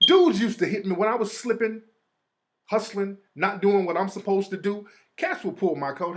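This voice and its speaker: A man hosts his own show in a casual, streetwise monologue, his fairly high voice rising and falling with lively swings. He slips into quick impressions of other people as he talks. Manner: animated, streetwise slang, mimics others. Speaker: host.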